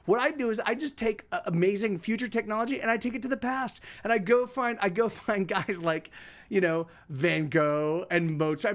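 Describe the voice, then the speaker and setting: A man's voice: high voice, moderate pace. A man chatting casually with his stream viewers, rambling and cutting himself off mid-sentence, laughing now and then. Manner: rambling, self-interrupting, laughs often. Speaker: livestreaming musician.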